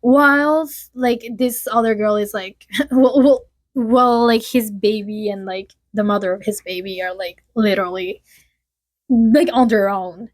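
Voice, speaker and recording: Here a young adult woman vlogs casual gossip, rambling and chatty, full of "like." Her medium-pitched voice is fairly even in intonation and a little slow, with no echo.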